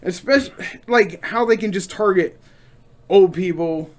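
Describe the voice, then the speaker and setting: A man co-hosting a laid-back podcast chat, agreeing and chiming in often while his co-host talks. His voice sits fairly high for a man. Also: normal speed. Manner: agreeable listener who chimes in with short affirmations. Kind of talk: casual chat.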